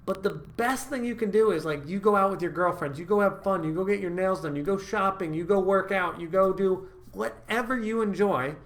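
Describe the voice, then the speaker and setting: A man's voice: sits high, a little fast, hardly any pauses. A man giving dating advice straight to camera, upbeat and emphatic, often checking in with his listeners. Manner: upbeat, emphatic, frequent "all right?" check-ins. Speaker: dating coach. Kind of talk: direct-to-camera advice talk.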